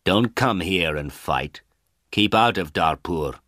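A man voicing a stern male policeman who speaks in a measured way. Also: low voice, animated, sharp tone, no echo, studio quality, heavily acted.

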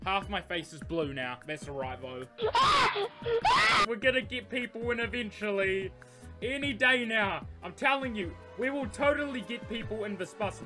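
A young man giving excitable gameplay commentary, breaking into loud yells and squealing laughter. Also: sits high. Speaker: gaming YouTuber.

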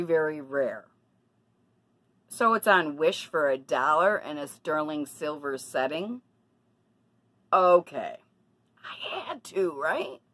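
Slow-talking woman vlogger, lively pitch. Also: dry recording, poor audio. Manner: chatty, confiding, indignant. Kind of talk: casual personal vlog.

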